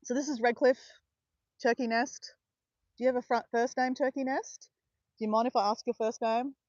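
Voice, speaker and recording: A woman's voice: on the high side, moderate pace, dry recording, dull audio. An Australian woman hosting a live stream, chatting casually and greeting viewers by name. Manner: chatty, addresses viewers by name, bursts of excited cheering. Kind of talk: chatty livestream talk to viewers.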